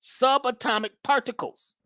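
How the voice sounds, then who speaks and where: A woman's voice: high voice, steady tone, normal speed, sharp tone, no room sound, clean studio sound. A woman guest speaker talking in an emphatic, preachy but casual way about spirituality and love. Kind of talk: spiritual talk, casual conversation.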